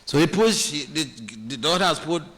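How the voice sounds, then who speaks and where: A man giving a sermon-style class in a temple hall, animated and acting out quoted voices, halting often with restarts. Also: on the high side. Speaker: speaker giving a scripture class.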